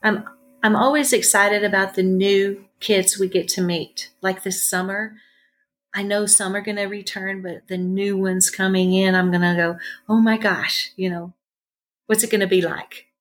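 A woman's voice: mid-range voice, level tone, normal speed. A middle-aged woman, a ranch owner, chatting in an interview and telling stories with lots of ums and asides. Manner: chatty, warm storyteller with many fillers. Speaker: ranch owner and bar owner, guest. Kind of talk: casual interview storytelling.

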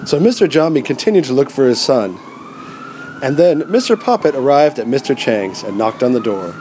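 A man's voice: mid-range voice, big pitch swings, normal speed, a little mellow, slight background noise. A man narrating a children's puppet story.

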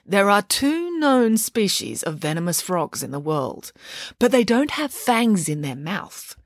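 Female storybook narrator, animated delivery, voices every character, dry close-miked read. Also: mid-range voice, a little slow, no echo. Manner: lively, switches voices for each character. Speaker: audiobook narrator.

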